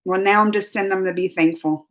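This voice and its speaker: A married adult woman with a family hosts a reaction stream, reading live chat and talking casually with viewers. Her mid-range voice is steady, fairly bright, and fast, and she is emotional and teary, laughing between her worries.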